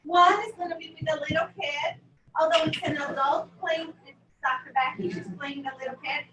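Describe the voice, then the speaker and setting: A woman's voice: high-pitched, fairly even intonation, brisk. A woman presenting at a conference for parents, talking casually to the audience, chatty and laughing often at herself. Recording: echoey hall, mic far off, faint noise.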